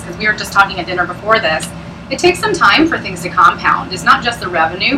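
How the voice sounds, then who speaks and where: A woman's voice: medium pitch, distant mic, noisy background. A woman presenting at a business opportunity meeting, chatty and bubbly, often laughing as she talks to a live audience. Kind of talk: sales pitch talk to a live audience.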